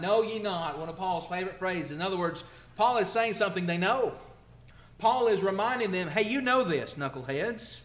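A man's voice: sits high, a bit bright, reverberant. A male preacher delivering a conversational sermon, asking rhetorical questions and building emphasis. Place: church.

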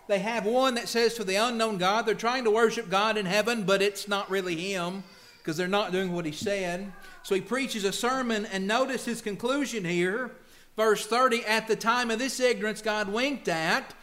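Male preacher with a high voice, lively and dramatic in the pulpit. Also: moderate pace. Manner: animated, acts out pleading voices and quotes scripture. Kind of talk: sermon.

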